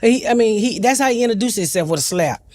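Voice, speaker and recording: A woman's voice: a little high, expressive, fast talker, crowd noise. A middle-aged woman, a talk-show guest telling a family story bluntly and animatedly, with comic asides.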